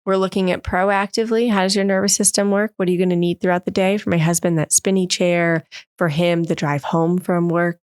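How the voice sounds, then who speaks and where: Animated woman expert, low-pitched voice. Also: brisk, clean tone, dry recording, clean studio sound. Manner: animated storyteller who acts out quoted voices. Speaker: guest expert on emotional development. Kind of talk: podcast interview conversation.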